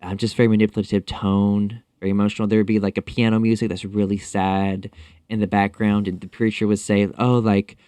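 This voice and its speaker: Low-voiced man, halting and thoughtful. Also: level tone, mellow, smooth, no echo, clean studio sound. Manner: thoughtful, halting, many fillers. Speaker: podcast guest. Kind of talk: casual interview conversation.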